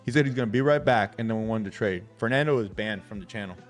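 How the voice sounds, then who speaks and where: A man's voice: lowish voice, quick pace, soft background music. Brash, swearing man hyping a livestream. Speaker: trading livestream host. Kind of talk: excitable livestream chat.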